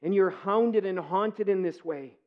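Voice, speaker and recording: A man preaching a sermon as pastor, earnest, moving between quiet reflection and impassioned pleading. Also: high voice, unhurried, phone-quality sound.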